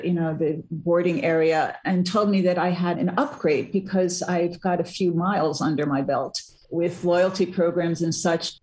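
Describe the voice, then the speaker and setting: An older woman guest, an author, telling travel stories in a relaxed, animated way, often laughing mid-sentence. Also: on the low side. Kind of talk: casual interview conversation.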